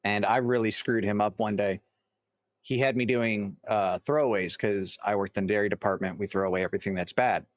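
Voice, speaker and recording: A man's voice: on the low side, fairly even intonation, brisk, no room sound, studio quality. A man giving casual, rambling reaction commentary, full of fillers and restarts. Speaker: reaction video host.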